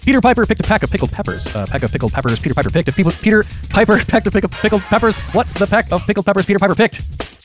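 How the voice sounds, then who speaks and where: A man's voice: high-pitched, animated, racing, soft background music. A man co-hosting a podcast in casual, joking chat, laughing and swearing through tongue twisters. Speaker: podcast co-host.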